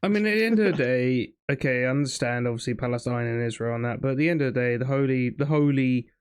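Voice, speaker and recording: A man's voice: mid-range voice, fast, clean tone. A young man co-hosting a casual podcast, offhand and bringing up new topics. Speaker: podcast co-host. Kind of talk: casual chat.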